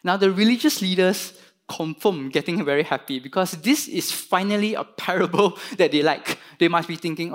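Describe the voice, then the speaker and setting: Animated preacher man. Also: high-pitched, moderate pace. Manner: animated, voices the parable's characters with rising emphasis. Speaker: pastor. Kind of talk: sermon.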